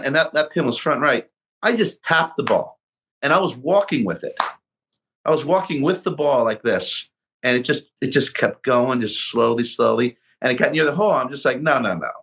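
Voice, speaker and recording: Middle-aged man, guest storyteller; animated, plays out the dialogue of his own anecdote. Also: mid-range voice. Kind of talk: casual storytelling interview.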